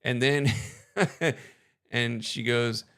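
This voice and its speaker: A man's voice: mid-range voice, drawn-out words, a bit bright. A young man casually telling a story to camera, rambling and hesitant, often chuckling between phrases.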